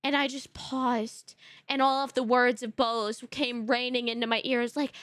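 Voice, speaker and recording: A woman's voice: on the high side, level tone, measured pace, fairly bright tone, no room sound. A woman streamer in casual chat, telling emotional stories animatedly with laughter. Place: home streaming setup.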